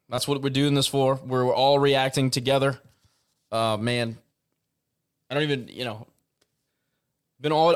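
A man hosting a casual sports talk show, talking with enthusiasm and rambling from one player to the next. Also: mid-range voice. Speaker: podcast host.

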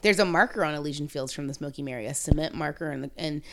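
Low-voiced New woman host. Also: fast, creaky, fairly bright tone. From New Orleans. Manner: playful, laughs along, folksy asides. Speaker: podcast host. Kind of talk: casual chat.

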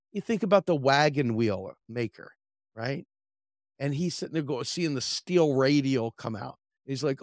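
Blunt, ranting political podcaster. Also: male voice, mid-range voice, lively intonation, measured pace, dry recording, clean studio sound. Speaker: commentary podcast host. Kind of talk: political commentary monologue.

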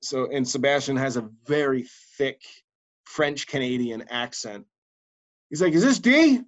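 A man, a radio DJ and podcast host, telling stories in casual chat, swearing freely and acting out quotes in a louder voice. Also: mid-range voice, measured pace, muffled recording. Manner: animated, swearing, acts out quotes loudly.

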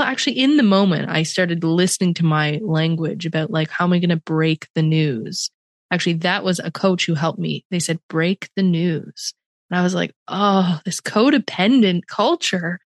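A woman's voice: lowish voice, dry recording. A middle-aged Canadian woman hosting an interview, talking in a reflective, emphatic way. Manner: reflective, emphatic, animated in places. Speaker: podcast host. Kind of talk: conversational interview.

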